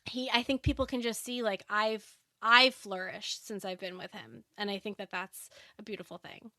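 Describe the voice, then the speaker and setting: A woman guest on a podcast, telling a personal story in a casual, animated way and laughing often. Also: mid-range voice, normal speed, no echo, clean studio sound.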